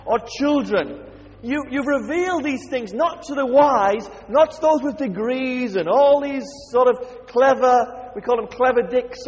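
A man's voice: extremely high pitch, long reverb tail. A man preaching a sermon, emphatic and constantly asking his congregation questions.

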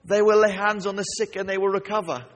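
Male preacher, fairly high voice, husky, animated call-and-response delivery, long hall reverb. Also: quick pace. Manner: animated, asks the congregation questions. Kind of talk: sermon.

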